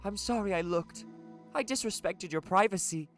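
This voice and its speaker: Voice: mid-range voice, moderate pace, soft background music, voice pushed up, close to an everyday voice. A streamer reading out the lines of a teenage girl who leads a club and is weighed down by guilt, in an earnest, self-reproaching voice. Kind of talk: reading visual novel dialogue aloud.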